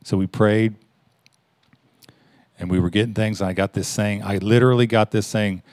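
A man with a low voice preaches in a loose, conversational way. He tells a story with frequent restarts and lifts his voice to stress key points. The sound is dry and close. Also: fairly even intonation, a little mellow, no echo. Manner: storytelling, halting, many restarts, rising with emphasis. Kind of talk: conversational sermon.

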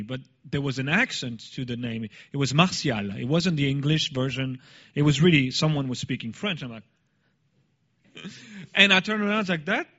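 A man casually telling a personal story in an animated way, laughing now and then. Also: mid-range voice, dull audio. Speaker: speaker sharing a story.

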